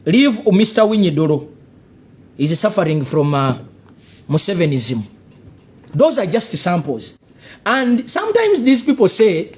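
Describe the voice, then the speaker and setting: Ugandan-accented political commentator, husky and animated, hammering rhetorical questions at listeners. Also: medium pitch, unhurried, pauses often. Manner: confrontational, full of rhetorical questions and warnings. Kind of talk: live political commentary monologue.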